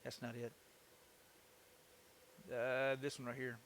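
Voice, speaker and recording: A man's voice: medium pitch, monotone, takes it slowly, fairly bright tone, a little hiss or hum. A middle-aged man chatting casually on a live stream while working in his wood shop, joking and thanking viewers. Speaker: woodworking streamer.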